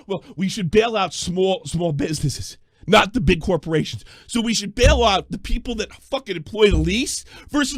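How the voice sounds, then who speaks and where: Shouting high-voiced male radio host. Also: animated, normal speed, no echo, clean studio sound. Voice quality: yelling, profane, combative. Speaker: call-in show host. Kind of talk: angry call-in rant.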